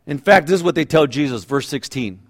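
A middle-aged man pastor preaching a sermon in a conversational, animated way, acting out voices now and then. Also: on the high side, brisk.

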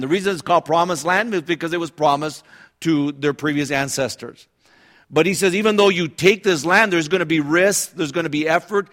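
A male pastor delivering a sermon, his voice sitting a little higher than most men's. He preaches conversationally, tossing in quick asides to the congregation and circling back to restart his sentences. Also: fairly bright tone.

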